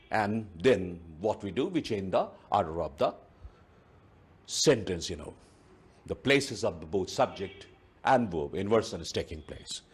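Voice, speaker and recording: Slow, husky teacher. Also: male voice, on the low side. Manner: deliberate, peppered with "you know". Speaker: English teacher. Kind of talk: televised grammar lesson. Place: TV studio.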